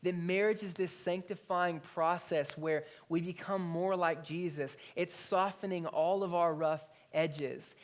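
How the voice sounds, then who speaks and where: A male pastor in his thirties preaching a sermon in a conversational, animated storytelling way. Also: high voice, unhurried, hardly any pauses. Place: church.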